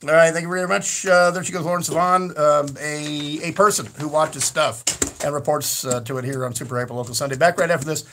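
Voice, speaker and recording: A high-pitched man hosts a casual radio talk show. He talks in an animated, rambling way and trips over and repeats his words. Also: brisk, a little hiss or hum.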